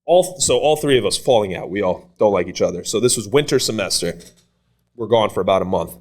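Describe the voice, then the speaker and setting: A man in his twenties, a podcast guest, telling a story in an animated, casual way, swearing freely and acting out what others said. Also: lowish voice, fairly quick. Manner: animated, swears freely, acts out quoted voices.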